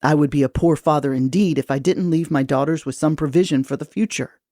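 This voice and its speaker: A woman's voice: sits low, a little fast, mellow, no echo, clean studio sound. A woman reading the part of an aging nobleman father who lectures his daughter in a stern, weary way. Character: gruff worried aging male nobleman father.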